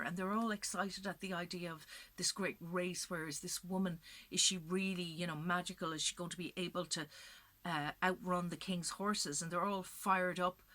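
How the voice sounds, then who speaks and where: Bright-voiced woman telling a legend. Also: on the low side. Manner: expressive, builds to dramatic climaxes, drops to whispers. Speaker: storyteller. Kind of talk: oral storytelling of a legend.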